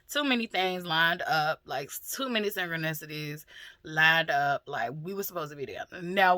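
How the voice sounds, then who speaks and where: A middle-aged woman talking candidly and emotionally in a personal vlog, swearing freely and pausing often with fillers. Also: sits low, sharp tone, no echo, studio quality. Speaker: vlogger.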